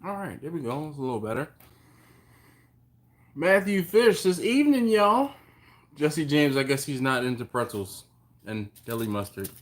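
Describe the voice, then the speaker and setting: A man hosting a casual live stream, greeting viewers by name and reading their comments, easygoing and quick to chuckle, recorded on a phone at home. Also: mid-range voice, lively intonation. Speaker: host of a barbecue live stream. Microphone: phone on a mount.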